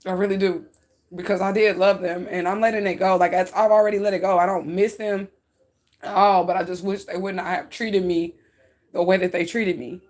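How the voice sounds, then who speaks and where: An adult woman with a medium-pitched, slightly mellow voice talks briskly in a flat delivery. A spiritual reader, she shares an emotional personal story with her followers, raw and outspoken, swearing freely and crying at times.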